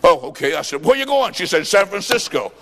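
A man preaching a revival sermon, fervent, with shouted bursts and stories told in quoted dialogue. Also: high-pitched, very animated, a little fast. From US Midwest. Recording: long reverb of a large hall.

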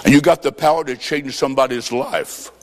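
A man's voice: mid-range voice, brisk. A man preaching a fervent revival sermon, pressing his points with emphasis and calling out to the congregation. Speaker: evangelist preacher. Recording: echoey hall with long reverb.

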